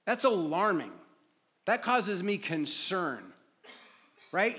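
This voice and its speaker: A man's voice: sits high, lively intonation, moderate pace. A man preaching a sermon as a pastor, talking conversationally and acting out pleading prayers. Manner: conversational preaching, acts out pleading prayers, drops to quiet reflective tone.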